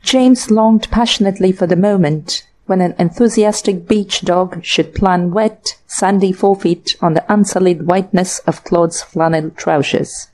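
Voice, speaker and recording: Woman reading an audiobook, slow and warm, very unhurried. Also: lowish voice. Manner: measured, unhurried storytelling. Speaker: audiobook narrator. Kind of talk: scripted narration.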